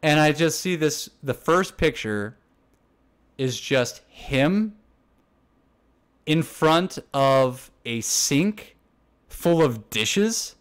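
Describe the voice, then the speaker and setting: A young man co-hosting a relaxed chat, his voice sitting a little high for a man. He rambles, restarts himself and breaks into laughter as he tells a story. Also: drawn-out words, pauses often, smooth. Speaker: podcast co-host. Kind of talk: casual chat.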